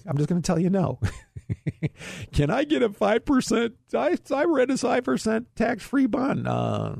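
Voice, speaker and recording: A man's voice: mid-range voice, vocal fry, dark tone, husky, no room sound, clean studio sound. A middle-aged man from Ohio hosting a radio show on investing, talking in a folksy way with chuckles and restarts. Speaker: radio show host, financial advisor. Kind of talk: casual radio talk on investing.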